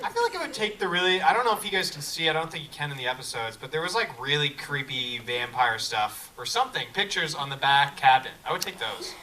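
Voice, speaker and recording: A man's voice: on the high side, animated, fast, hardly any pauses. A young man, an actor on a festival panel, answering questions in a bashful, joking way. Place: large hall at a festival. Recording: distant mic, loud crowd and camcorder noise.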